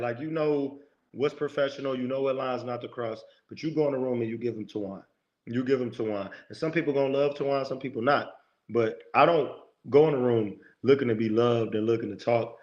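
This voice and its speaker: Homme au ton emphatique de prédicateur, son un peu étouffé. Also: male voice, medium pitch, a little fast, highs cut off. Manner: emphatic, preachy, lots of quoted self-talk. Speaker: podcast guest, motivational speaker. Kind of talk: conversational interview talk.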